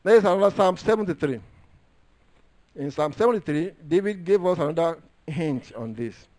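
A man's voice: a little high, animated, moderate pace, darkish tone. A man preaching a sermon, emphatic and repetitive, stressing key phrases as he works through scripture. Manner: repeats phrases while working through scripture.

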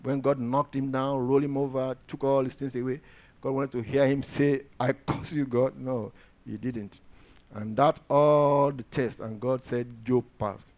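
A man's voice: mid-range voice, steady tone, unhurried, darkish tone. A man preaching a sermon, emphatic and repetitive, stressing key phrases as he works through scripture. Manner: repeats phrases while working through scripture.

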